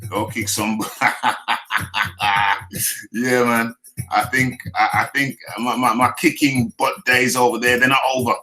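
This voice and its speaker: A British man from the United Kingdom hosts a casual live boxing stream, his bright, forward voice level in tone and unhurried, with faint music running low behind him. He jokes around, teases his chat, laughs often and repeats phrases.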